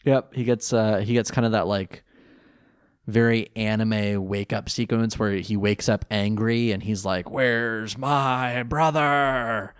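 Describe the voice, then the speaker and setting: A man co-hosting a casual podcast chat, recapping an anime episode with animated, laughing delivery. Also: lowish voice, unhurried, smooth. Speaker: podcast co-host.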